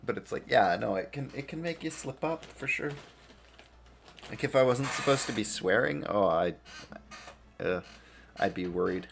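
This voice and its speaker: A man's voice: mid-range voice, lively intonation, moderate pace, creaky, pauses often, slight background noise. A tired man streaming a game, chatting casually and rambling in a self-deprecating way, laughing often. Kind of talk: casual gaming stream chat.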